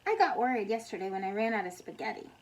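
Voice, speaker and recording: A woman reading aloud as a cheerful, literal-minded young housekeeper, bright and eager. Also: mid-range voice, animated, fast, lightly acted, low-quality recording.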